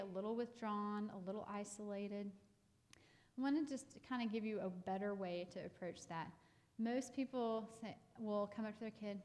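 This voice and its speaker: A woman's voice: mid-range voice, darkish tone. A woman, counseling parents in a casual live talk, chatty with many fillers and restarts. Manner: acts out parents and kids in quoted lines.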